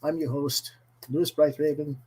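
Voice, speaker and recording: A male host chatting casually about his week's comic book haul in a deliberately bad, exaggerated put-on Irish accent, with frequent "mm-hmm" fillers. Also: a little high, fairly even intonation, a little mellow, slightly rough, poor audio.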